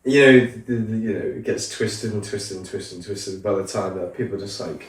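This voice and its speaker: A podcast host from the Isle of Man chats casually in an easygoing, agreeable way, full of fillers. His voice is on the low side at normal speed, recorded in an echoey room with a distant mic and faint noise.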